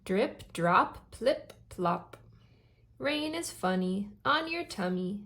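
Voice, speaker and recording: A woman's voice: mid-range voice, lively intonation, slow pace, a bit bright. Ducky, a woman reading as a cheerful little duckling. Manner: sing-song storybook reading.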